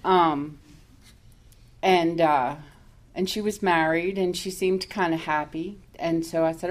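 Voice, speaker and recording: A woman's voice: on the low side, steady tone, takes it slowly. A woman telling her own recovery story at a meeting, candid and self-mocking, laughing often as she talks. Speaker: recovery speaker.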